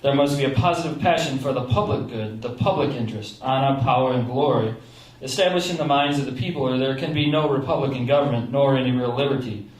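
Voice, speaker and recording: A man voicing an older, moralizing New England gentleman with a New England accent, reading a letter aloud in a slow, declamatory way. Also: mid-range voice, close to an everyday voice. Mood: earnest. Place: small theatre stage with audience. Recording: roomy live room, mic at a distance.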